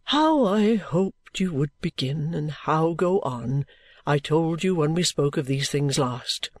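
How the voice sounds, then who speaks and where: A man reading the part of a kindly older male guardian in an audiobook, speaking in a cordial, measured, fatherly way. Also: on the high side, expressive, a little mellow, dry recording. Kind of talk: audiobook reading of a classic novel.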